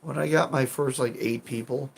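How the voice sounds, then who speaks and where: A man's voice: medium pitch, fairly even intonation, normal speed, gravelly. A man casually chatting with his live chat as a streamer, rambling, self-deprecating and swearing now and then.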